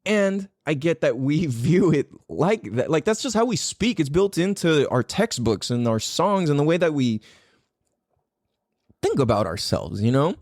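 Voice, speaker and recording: A man's voice: a little high, sing-song, a little slow, a little mellow, dry recording, studio quality. A man from the United States hosting a podcast, musing aloud in a casual monologue and swearing freely. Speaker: podcast host.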